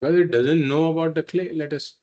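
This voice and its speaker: A man's voice: on the high side, steady tone, brisk, dark tone, muffled recording. A man teaching a spiritual philosophy class, explaining patiently and repeating points through simple examples. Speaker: Vedanta teacher.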